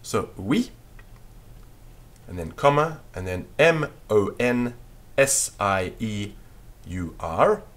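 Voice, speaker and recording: A man teaching a beginners' French lesson, dictating slowly and patiently and spelling words out letter by letter. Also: lowish voice, lively intonation, fairly bright tone.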